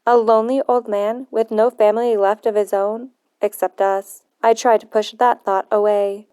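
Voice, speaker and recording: A woman narrating a novel in the first person, in earnest, measured storytelling. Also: mid-range voice, level tone, dark tone, clean tone, dry recording, studio quality. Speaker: audiobook narrator.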